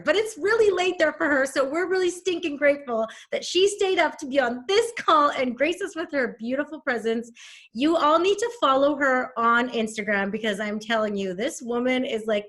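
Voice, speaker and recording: A woman's voice: high-pitched, fairly bright tone. A woman hosting a group call, gushing and enthusiastic as she introduces the next speaker. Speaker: call host. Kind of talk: casual chat.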